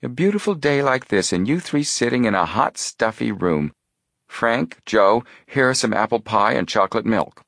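A man's voice: mid-range voice, lively intonation, normal speed, creaky, fairly bright tone, no echo, clean studio sound, voice pushed up. A man voicing a fussy, caring middle-aged aunt who talks in a bustling, scolding way. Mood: fussing.

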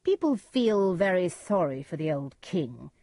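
A woman's voice: lowish voice, big pitch swings, measured pace, mellow, no echo, full character voice. A woman playing a scheming, commanding nobleman.

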